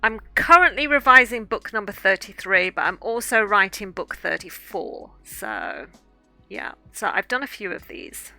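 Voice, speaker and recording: A woman's voice: mid-range voice, big pitch swings, moderate pace, gravelly, bright, forceful tone, no echo, soft background music. A middle-aged woman author in casual livestream chat, chatty and effusive, thanking her viewers often. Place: small home room corner.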